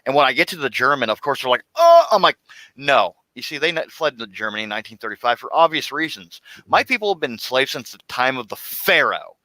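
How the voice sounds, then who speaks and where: A man, a security officer, telling stories in an animated way in a casual chat. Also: mid-range voice, fast, no echo, poor audio. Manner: animated storyteller.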